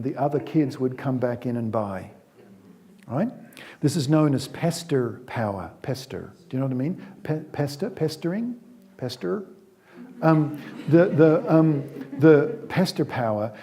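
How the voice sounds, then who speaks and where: Mellow-voiced man telling a story. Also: medium pitch. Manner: conversational, with frequent restarts and repeated words; acts out the scenes he retells. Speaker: speaker on parenting. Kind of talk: storytelling talk to an audience.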